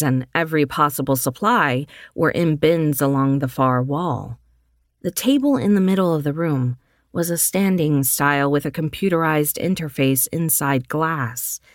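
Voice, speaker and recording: A woman narrating an audiobook in a measured, steady reading. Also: low-pitched, no room sound, clean studio sound.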